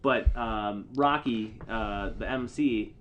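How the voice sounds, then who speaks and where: A man's voice: fairly low pitch, slow pace, muffled recording, a little hiss or hum. A man co-hosting a podcast in casual chat, opinionated and outspoken, swearing freely. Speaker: podcast co-host.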